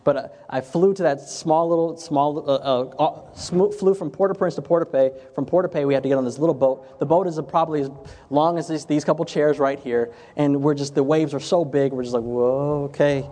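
A man's voice: a little high, steady tone, fairly quick, dark tone. Man teaching in a reverberant hall. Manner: conversational, repeats and restarts phrases. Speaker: health ministry presenter. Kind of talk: informal teaching talk with stories. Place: room with chairs before a group.

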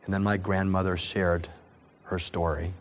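Deep-voiced man telling a sermon story. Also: little pitch movement, unhurried, a little hiss or hum. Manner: earnest, repeats and restarts words. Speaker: preacher.

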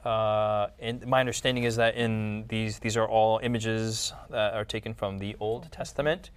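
A man's voice: on the low side, steady tone, normal speed, clean tone. A man hosting a casual religious discussion, thinking aloud with many fillers and restarts. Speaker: podcast host.

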